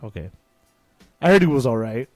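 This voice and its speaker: A man's voice: medium pitch, normal speed, no room sound. Guy hosting a fan podcast, gets worked up and cusses a lot, dry close sound, faint music under. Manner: excitable, swears freely. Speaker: host. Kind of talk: casual fan chat.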